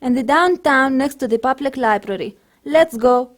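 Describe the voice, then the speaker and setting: A woman's voice: high voice, normal speed, lightly acted. A woman playing a young woman friend who teases and persuades while picking a restaurant, in a scripted textbook dialogue. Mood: casual.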